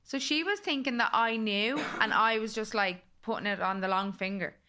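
Bright Irish woman telling stories. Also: a little high, moderate pace, clear, resonant tone. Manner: animated storyteller acting out quotes. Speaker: podcast guest. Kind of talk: casual chat.

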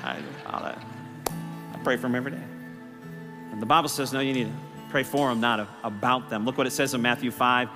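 A man preaching a sermon to his church, impassioned, his voice rising loud and high on key lines. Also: steady tone, brisk, pauses often, in a large hall, music in the background. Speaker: pastor. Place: church sanctuary.

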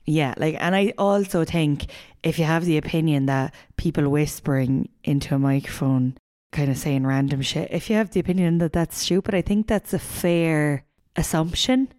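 A woman's voice: deep voice, fairly even intonation, moderate pace, few pauses, a little mellow. A young woman co-hosting a podcast, chatting casually, teasing and laughing often. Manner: giggly, teasing. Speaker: podcast co-host. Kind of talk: casual chat.

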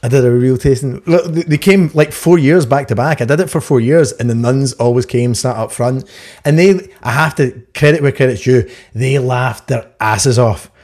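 A man's voice: mid-range voice, moderate pace, darkish tone. A man co-hosting a podcast, telling cheeky stories and jokes in casual chat and laughing at his own punchlines. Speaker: podcast co-host.

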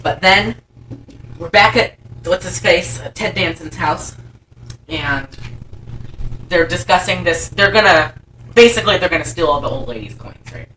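A woman chatting loosely and rambling, swearing freely as she recaps a story. Her voice is bright and forceful with a slightly low pitch. She sits a little back from the mic, with faint noise behind her. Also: animated, moderate pace, long pauses, far from the mic, poor audio. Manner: rambling, profane, acts out characters' lines. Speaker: podcast co-host recapping a movie. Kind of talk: casual chat.

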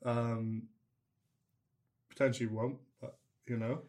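A man's voice: mid-range voice, level tone, slow pace, darkish tone. A man co-hosting a casual sports podcast, jokey and fond of puns. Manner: jokey, punning, mock-dramatic about lost bets. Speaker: podcast co-host.

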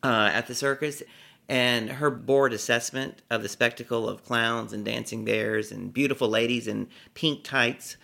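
A middle-aged man from Texas, a comedic storyteller, telling a vivid personal story in a lively, theatrical way and savoring his words. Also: medium pitch, unhurried, creaky. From Texas, USA.

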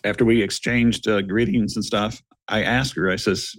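A man's voice: lowish voice, steady tone, normal speed, few pauses, dry recording. Middle-aged man telling a dramatic story. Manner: earnest, addresses listeners as gentlemen, repeats words as he builds a story. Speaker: guest, retired police officer. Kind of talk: dramatic storytelling in a podcast interview.

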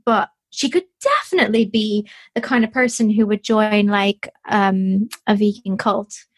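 A woman's voice: medium pitch, unhurried. A woman guest on a casual podcast, chatty and enthusiastic, saying "like" a lot. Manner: chatty, enthusiastic, uses 'like' often.

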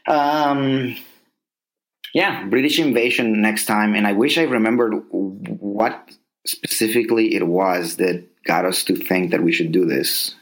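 A man's voice: lowish voice, fairly even intonation, unhurried, a bit bright, low-quality recording. A man co-hosting a podcast in casual chat, rambling enthusiastically about movies and shows. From grew up partly in a Spanish-speaking place. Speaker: podcast co-host.

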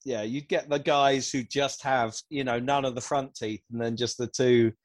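British comedian guest, self-deprecating storyteller, dry close mic, mid pitch. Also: male voice, steady tone, normal speed, no echo. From England. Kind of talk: casual podcast chat, anecdotes.

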